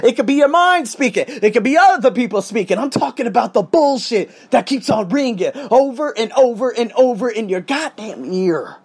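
A man's voice: very high-pitched, lively intonation, moderate pace, hardly any pauses, slightly rough. A man telling his story in a casual vlog from his condo, emphatic and swearing as he goes. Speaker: vlogger, English teacher. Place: condo room, indoors.

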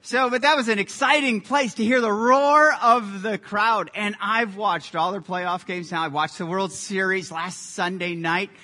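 Guy preaching a sermon, pretty high voice, gets really animated telling stories. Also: a little slow, few pauses, long reverb tail. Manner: animated storytelling with lively sports anecdotes. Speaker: pastor.

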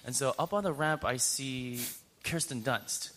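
A man telling a strange dream to a group, animated and laughing as he goes. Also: medium pitch, unhurried. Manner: animated storytelling, laughing through it. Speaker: group member sharing a dream.

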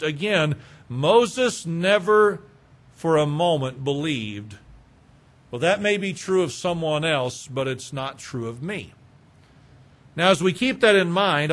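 A man's voice: a little high, a bit bright. A man preaching a sermon as pastor, building with rhetorical questions.

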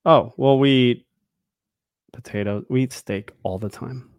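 A man in his thirties co-hosting a podcast, talking in an animated, opinionated way that trips over repeated words. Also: mid-range voice, a little slow, clean tone, no room sound, clean studio sound. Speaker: podcast co-host. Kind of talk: casual chat.

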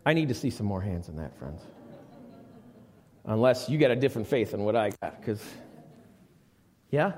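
A man's voice: fairly low pitch, big pitch swings, moderate pace, pauses often, darkish tone. A middle-aged man preaching a conversational sermon in church, asking the congregation questions. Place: church sanctuary. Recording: live church recording with long reverb.

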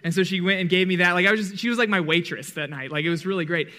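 A male worship leader with a slightly raised pitch, telling a story in a loose, joking way. He trips over restarts and fills gaps with "like," and jumps up high whenever he acts out what someone said. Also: steady tone, rapid-fire, bright, forceful tone. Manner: rambling, self-deprecating and humorous, many "like" fillers and restarts; acts out quoted lines with big pitch jumps. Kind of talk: storytelling before a song in a church service.

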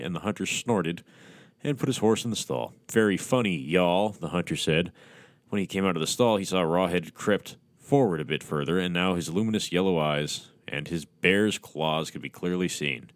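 Deep-voiced man reading horror with crude mockery. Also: moderate pace, no room sound. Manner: crude, mocking asides. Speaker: podcast host. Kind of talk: sardonic horror story reading.

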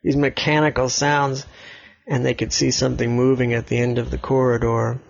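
A man improvising a bedtime story, telling it in a hesitant, halting way with many restarts. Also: mid-range voice, flat delivery, creaky, lo-fi sound.

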